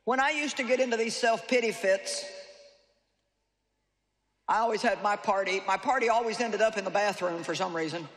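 A woman's voice: medium pitch, moderate pace, long pauses. Woman preaching with teasing humor in a hall. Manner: conversational, humorous, teasing the audience. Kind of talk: sermon. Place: large hall with live audience. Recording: reverberant hall, faint noise.

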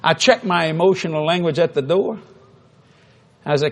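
A preacher telling a story in a sermon, animated and humorous, acting out the dialogue. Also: male voice, fairly high pitch, a little fast.

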